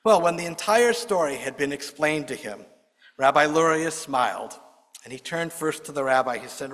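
A man telling a folk tale aloud, expressive, lifting his voice for the characters' lines. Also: fairly high pitch, normal speed. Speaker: storyteller. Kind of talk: oral storytelling. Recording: long hall reverb.

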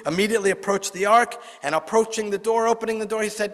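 A man telling a folk tale aloud, expressive, lifting his voice for the characters' lines. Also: sits high, quick pace, hardly any pauses. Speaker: storyteller. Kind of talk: oral storytelling. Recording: long hall reverb.

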